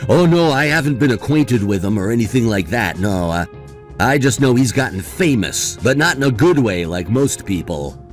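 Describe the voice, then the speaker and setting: A man voicing young men in an acted relationship story, dismissive as the groom and gentle as the brother. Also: mid-range voice, close to an everyday voice. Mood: sympathetic. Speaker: voice actor in a story video. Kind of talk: scripted voice acting. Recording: faint background music.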